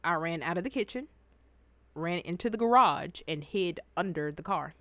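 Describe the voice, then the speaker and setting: A woman's voice: fairly low pitch, expressive, moderate pace, pushed and bright, dry recording. A young adult woman chatting casually, telling funny childhood stories and reacting to comments. She laughs often and swears freely. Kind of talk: casual storytelling chat.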